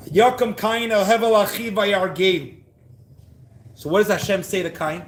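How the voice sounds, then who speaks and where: A man teaches a Torah class at a yeshiva in a high-pitched voice, putting questions to his listeners and slowly chanting Hebrew verses before rising to shouts on key points. The sound is roomy.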